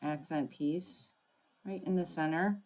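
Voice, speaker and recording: A woman's voice: low-pitched, slow, darkish tone. A woman running a live crafting tutorial, chatting through each step and greeting viewers by name. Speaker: craft demonstrator.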